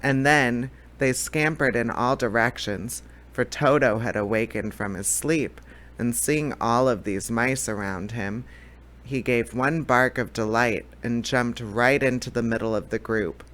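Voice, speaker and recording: A man's voice: medium pitch, a little slow, fairly bright tone. A man reading a children's book aloud, unedited, now and then tripping on words and correcting himself. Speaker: storybook reader.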